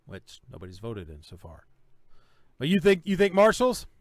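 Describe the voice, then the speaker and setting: Host type: middle-aged man, high voice, blunt and profane, chatty live-stream energy, dry close sound. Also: huge pitch swings, normal speed, no room sound. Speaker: podcast host. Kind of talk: casual live-stream chat.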